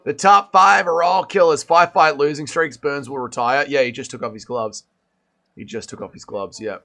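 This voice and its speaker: Reacting to a fight while reading chat on his casual livestream, a young host gets excitable and swears, veering from shouts to mumbles. He speaks at a moderate pace in a slightly high voice with vocal fry.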